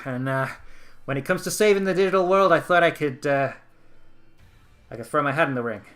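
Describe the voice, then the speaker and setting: A man's voice: a little high, brisk, a bit bright, faint music behind, lightly acted. A man voicing a hearty male dinosaur creature with an Australian accent, cheerful and boastful.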